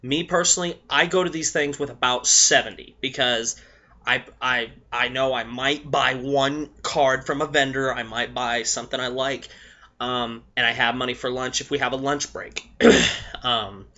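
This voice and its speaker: A hoarse young man giving blunt, profane tips to his viewers in a casual vlog, coughing between points. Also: mid-range voice, fairly even intonation, moderate pace, bright, forceful tone. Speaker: vlogger. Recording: dull lo-fi recording.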